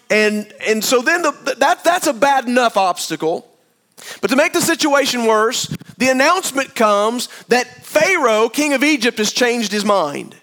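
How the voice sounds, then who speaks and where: High-voiced man preaching a sermon. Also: animated, measured pace, fairly bright tone. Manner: conversational storytelling, speaks directly to the congregation. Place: room with a gathered congregation.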